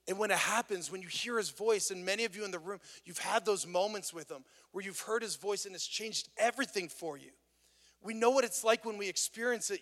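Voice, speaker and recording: A pastor speaks in a slightly higher man's voice, preaching in a conversational, earnest way that builds in intensity. His words ring out with the long reverb of a large hall. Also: fairly bright tone. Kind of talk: sermon. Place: worship venue.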